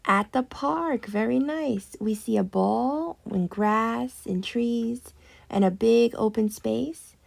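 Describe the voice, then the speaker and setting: A woman gives young children an early reading lesson, patient and slow, stretching out words as she models them. Her voice is fairly high, creaky and a little mellow.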